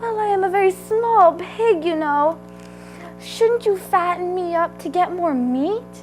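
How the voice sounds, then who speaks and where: Girl reading as a tiny sly piglet, super high squeaky pleading, slow and drawn out, storybook voice. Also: animated, faint music behind. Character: small clever male piglet, pleading and sly.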